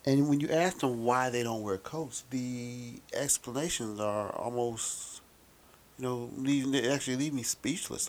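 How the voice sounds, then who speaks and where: A man's voice: medium pitch, a little slow, a little hiss or hum. A middle-aged man talking in a casual, rambling, wry monologue with some profanity.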